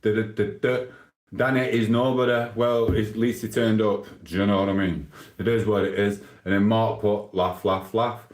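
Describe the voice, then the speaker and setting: A man's voice: on the low side, little pitch movement, normal speed, a little mellow, reverberant. A man from England with a Sheffield accent, chatting casually on a live stream, reading viewer comments with rambling banter and laughs. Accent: Sheffield, Yorkshire.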